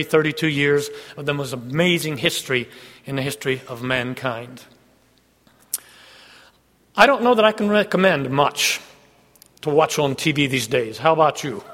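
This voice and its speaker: A man's voice: high-pitched, a bit bright, in a large hall. A man preaching a sermon in a folksy way, joking and putting questions to the congregation.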